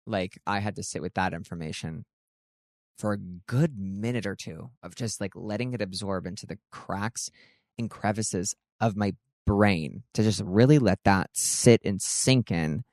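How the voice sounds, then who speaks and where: A man's voice: lowish voice, dry recording, studio quality. Chatty man gushing in a casual vlog. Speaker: vlog host.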